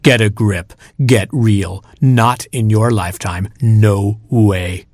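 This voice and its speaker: A vain female sheep film star with a snippy, haughty drawl, put on by a male storyteller. She stretches her words out slowly and dismissively. The recording is dry and close, with no room sound. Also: fairly low pitch, fairly even intonation, darkish tone, no room sound. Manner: haughty, dismissive, drawn-out delivery.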